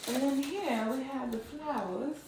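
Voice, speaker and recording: A woman's voice: high voice, measured pace, noisy background. A woman giving a casual, chatty home decor tour, pointing out items as she walks from room to room. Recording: echoey room.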